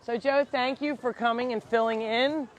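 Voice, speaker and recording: A woman's voice: on the high side, steady tone, moderate pace, a little hiss or hum. A woman who runs an animal sanctuary, chatting casually on a live tour outdoors and cooing at the animals. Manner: chatty, talks baby-talk to animals. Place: outdoors on a farm. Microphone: handheld mic.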